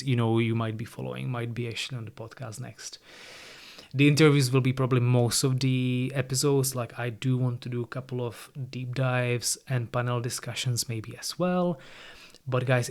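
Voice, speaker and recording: Chatty man with a light Irish tinge. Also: medium pitch. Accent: non-native English with a light Irish tinge. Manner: casual and chatty, often starts sentences with "look" and "like". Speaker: podcast host. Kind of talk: solo podcast monologue. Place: studio. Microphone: new studio microphone.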